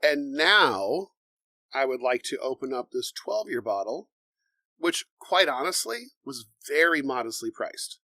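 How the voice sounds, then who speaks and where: A man at an ordinary pitch talks through a tasting in a measured, explanatory way. The sound is dry and close, without room echo. He comes across as a relaxed podcast co-host. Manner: measured, explanatory, reads tasting notes aloud. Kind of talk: casual bourbon tasting chat.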